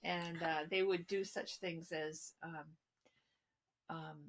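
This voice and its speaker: A middle-aged woman co-hosting a podcast with her daughter, speaking calmly and often chiming in with short agreements. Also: lowish voice, slow. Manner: calm, short agreeing interjections. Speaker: podcast co-host, mother of the other host. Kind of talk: casual chat.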